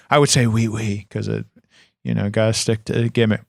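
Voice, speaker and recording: A man's voice: fairly low pitch, flat delivery, brisk, vocal fry, no echo, studio quality. A man co-hosting a comedy podcast, brash, profane and exasperated. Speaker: podcast co-host.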